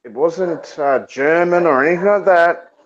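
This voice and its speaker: A man's voice: on the high side, a little slow, muffled recording, slight background noise. A man hosting a live show, telling stories in loose, profane casual chat. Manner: profane storytelling, animated.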